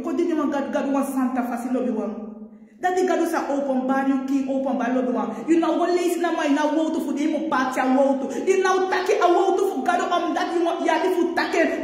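A woman with a Surinamese accent, preaching an impassioned sermon with rhythmic repetition and bursts of shouting. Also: sits high, quick pace. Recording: very echoey hall.

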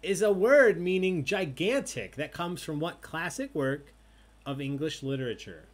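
A man hosting an online trivia night, announcing questions and scores in a loud, playful way. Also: fairly high pitch, lively intonation, normal speed. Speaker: trivia host.

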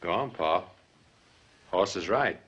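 An actor playing a stubborn, dutiful eldest son who talks in a clipped, stern way in a 1950s TV western. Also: male voice, sits low, expressive, takes it slowly, a bit bright, husky, dull audio, full character voice. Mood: dry.

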